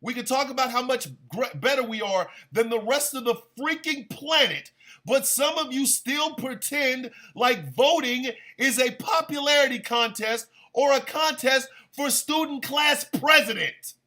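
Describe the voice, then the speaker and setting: A man's voice: very high-pitched, a little slow, pushed and bright. A man hosting a stream radio show, delivering a heated, profane and sarcastic political rant.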